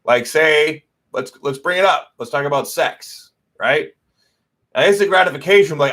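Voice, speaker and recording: A man's voice: on the high side, animated, moderate pace, a bit bright. A man hosting a casual astrology livestream, talking loosely with lots of swearing and fillers, and answering viewer comments as he goes. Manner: loose and profane, many fillers. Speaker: astrology host.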